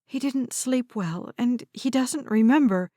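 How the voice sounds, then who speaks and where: A woman's voice: a little high, unhurried, dark tone, no echo, clean studio sound, voice pushed up. A woman voicing a pleading young woman. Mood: strained. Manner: urgent, pleading.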